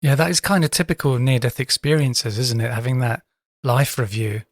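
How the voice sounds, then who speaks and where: A podcast host asking calm, inquisitive interview questions. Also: medium pitch, fairly quick, dry recording, studio quality.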